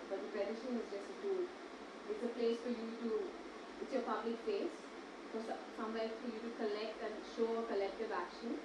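Earnest campaigner woman. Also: on the high side. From India. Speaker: panelist, campaigner. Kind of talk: panel discussion. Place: large echoey event hall. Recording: echoey hall from far off with background noise.

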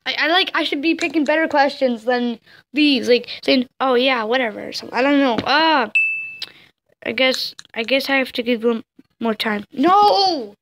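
A young woman playing a story game out loud, flustered and stammering, often breaking into worried exclamations. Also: high-pitched, normal speed, background noise. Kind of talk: casual let's-play reactions.

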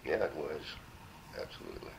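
A man's voice: a bass voice, a little fast, creaky, slight background noise, low-quality recording. A man in his seventies from Minnesota, a war veteran telling his story in an oral history interview, salty and full of cursing. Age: 70s. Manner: salty, profane, animated storyteller.

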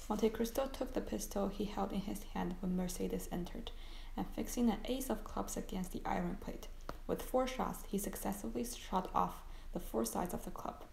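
A woman reading a classic novel aloud as an audiobook narrator, steady and unhurried. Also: medium pitch, vocal fry, roomy sound, poor audio. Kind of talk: scripted narration.

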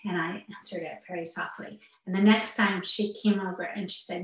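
A therapist speaking earnestly and personally to parents in an online talk, with muttered asides, heard over a video call. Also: female voice, fairly low pitch, fairly even intonation, moderate pace, few pauses. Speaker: therapist giving a parenting webinar. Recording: echoey room, far from the mic.

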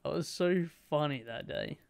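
An excitable young man commentates live on a fishing game and chats to his viewers as he plays. His fairly high voice has a gravelly edge, yet it stays smooth and clear. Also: normal speed. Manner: excitable, chatty, talks to his chat, swears lightly. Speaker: gaming streamer.

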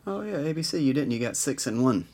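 A man's voice: mid-range voice, big pitch swings, darkish tone. A man hosting a live trading card break, reading out players and numbers with dry asides. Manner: unhurried, reads off card numbers with dry jokes.

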